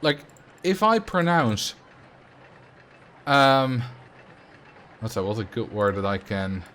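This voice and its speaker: A man's voice: medium pitch, very animated, takes it slowly, fairly bright tone, slight background noise. Chatty Dutch man streaming. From Netherlands. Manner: chatty, rambling, reacts to chat with fillers. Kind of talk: casual livestream chat.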